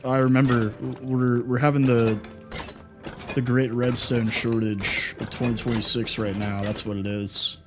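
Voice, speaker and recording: A man's voice: mid-range voice, little pitch movement, measured pace, music in the background. A young man from Texas streaming a game, chatting casually and answering his chat, calling people dude and brother. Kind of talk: casual livestream chat while gaming.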